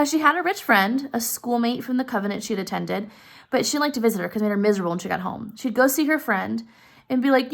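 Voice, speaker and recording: Chatty woman with a gravelly voice. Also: fairly high pitch, fairly bright tone. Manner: chatty, addresses listeners directly, many fillers. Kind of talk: casual retelling of a story.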